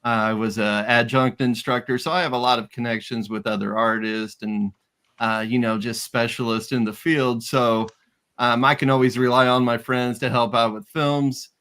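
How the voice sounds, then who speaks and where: A man's voice: medium pitch, fairly even intonation, moderate pace, a bit bright, clean tone. A man talking as a guest on a casual show, easygoing and agreeable. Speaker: guest, independent filmmaker. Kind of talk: casual interview answers.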